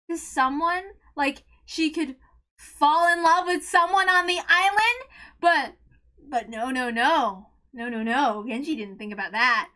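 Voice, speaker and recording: A woman hosting a read-along, ranting emotionally, close to tears, swearing and shouting with a cracking voice. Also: high-pitched. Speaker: channel host reading a visual novel aloud. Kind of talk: emotional reaction rant.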